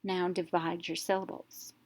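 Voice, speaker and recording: A woman with a fairly low voice teaching a phonics lesson. She walks through each step slowly and deliberately, sounding out letters one by one before blending them into a word. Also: little pitch movement, darkish tone.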